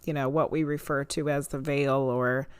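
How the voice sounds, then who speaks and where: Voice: mid-range voice, level tone, normal speed, smooth, no room sound. A podcast host chatting casually, attentive and affirming, running audio clips.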